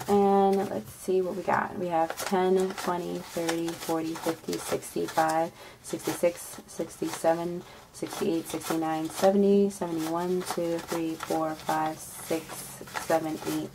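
A woman with a fairly low voice runs a casual budgeting vlog, murmuring numbers as she counts bills. Now and then she breaks into high, excited squeals. Traffic and passing bikes are clearly audible behind her. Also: a little slow. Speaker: budgeting vlogger. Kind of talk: casual cash-stuffing vlog, counting money aloud. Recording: home recording with street noise behind. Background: passing bikes and street noise.

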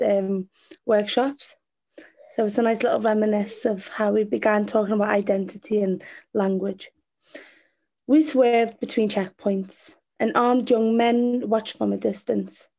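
A woman with a Scouse accent, a poet performing spoken-word poetry and then talking about it in an earnest, measured way. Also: mid-range voice, dark tone. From Liverpool, England.

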